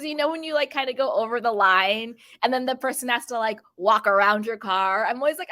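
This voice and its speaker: A woman talks straight to her viewers about reality TV drama in a chatty, emphatic way. She often repeats a phrase to hammer a point home. Her voice is bright and forward. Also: on the high side, animated, normal speed. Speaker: host of a pop culture channel. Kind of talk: reality TV gossip commentary.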